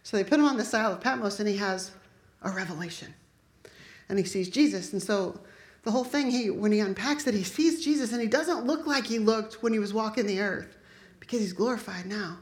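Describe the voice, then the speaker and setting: A woman's voice: mid-range voice, a little fast. A woman preaching a sermon in a chatty, conversational way, dropping joking asides to her congregation. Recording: echoey room.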